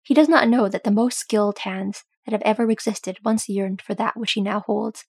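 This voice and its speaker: A grim, weary ranger, read by a woman, speaking gravely and measuredly as he tells an old tale. The voice is rough with fry and a touch husky. It is a close, dry audiobook reading. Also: mid-range voice, fairly even intonation, moderate pace, darkish tone, dry recording.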